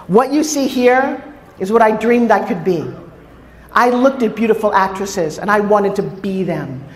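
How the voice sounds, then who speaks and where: A woman with a New York accent giving an energetic motivational stage talk, telling stories with asides to the audience. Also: mid-range voice, measured pace. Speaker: motivational speaker. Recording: echoey hall.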